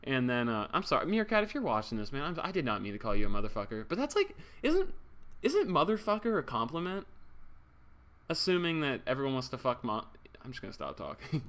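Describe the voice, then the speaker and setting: A man's voice: medium pitch, huge pitch swings, brisk, a bit bright. A young man streaming a game, chatting casually, joking, swearing and thanking subscribers as he reads the chat. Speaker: livestreamer.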